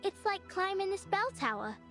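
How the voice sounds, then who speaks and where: A woman voicing a curious, lonely young girl in a game, talking in a soft, earnest way. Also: extremely high pitch, big pitch swings, moderate pace, soft background music, full character voice. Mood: pensive. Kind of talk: game voice acting.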